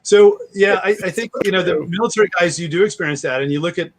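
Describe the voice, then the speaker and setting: A man in his forties, a guest author telling rambling stories in a casual interview and slipping into animated impressions. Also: sits high, fast talker, crowd noise. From United States.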